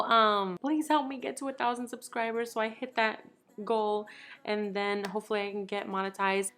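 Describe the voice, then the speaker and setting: A young woman chatting casually in a beauty vlog, bubbly and rambling, joking about herself. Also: mid-range voice. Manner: bubbly, rambling, self-deprecating with laughs. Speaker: beauty YouTuber.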